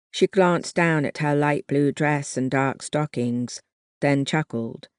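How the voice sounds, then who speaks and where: An audiobook narrator reading a historical novel at a slow, unhurried pace. The delivery stays measured and even from line to line. The recording is dry and close, with no room sound. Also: mid-range voice, clear, resonant tone, no echo. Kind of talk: scripted narration.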